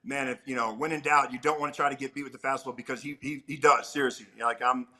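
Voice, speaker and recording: A middle-aged man, a former pitcher, telling animated stories as a guest on an interview show. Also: quick pace, poor audio. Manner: animated, peppers talk with "man". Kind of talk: casual storytelling chat.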